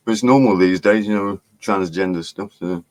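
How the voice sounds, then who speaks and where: Middle-aged man, very deep voice, casual rambling live-stream host, laughs and swears. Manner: chatty, laughing, swearing, distracted by chat. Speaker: livestream host.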